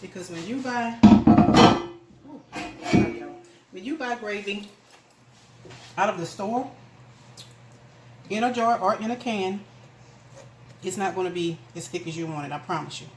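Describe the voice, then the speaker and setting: A woman's voice: mid-range voice, normal speed, long pauses, soft background music. A woman giving a casual home cooking demonstration, chatting homily to her viewers in her kitchen. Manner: homey, chatty, addresses viewers as "y'all". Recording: echoey kitchen with background noise.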